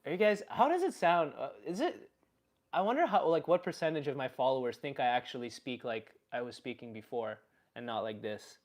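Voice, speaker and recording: A man from Canada chatting casually on a live stream in his own voice, relaxed and a bit hesitant. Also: mid-range voice, a little fast. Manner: relaxed, hesitant, musing aloud.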